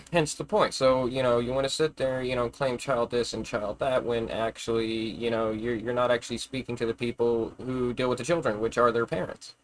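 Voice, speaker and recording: A man holds forth on a live stream in a loose, rambling rant. He swears freely and argues his point. He trips over his words and restarts them often, and his voice sits at an ordinary middle pitch. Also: steady tone, normal speed. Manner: rambling, profane, argumentative, with frequent stammered restarts. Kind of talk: casual ranting monologue.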